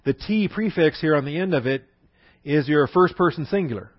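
A man teaching a Bible lesson in a conversational way, repeating phrases for emphasis and slowing down to spell out words. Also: fairly high pitch, no room sound. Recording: dull, dry lo-fi recording.

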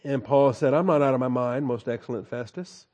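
Mellow-voiced man teaching Bible study. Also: medium pitch, a little fast, lo-fi sound. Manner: reads scripture aloud and comments with chuckles; folksy, conversational asides.

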